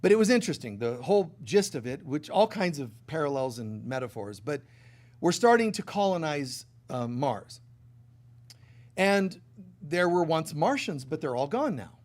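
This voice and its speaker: A middle-aged man preaching a spiritual sermon, telling a story with playful asides, often dropping soft and then rising loud. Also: on the high side, very animated, moderate pace. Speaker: spiritual teacher.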